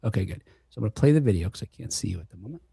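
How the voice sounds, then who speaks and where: A man's voice: fairly low pitch, lively intonation, rapid-fire, creaky, warm tone, slightly rough, no echo, clean studio sound, faint music behind. A middle-aged man hosting a casual live-streamed chat, talking with lots of fillers and restarts over a video call. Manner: chatty, with many fillers and restarts. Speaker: host.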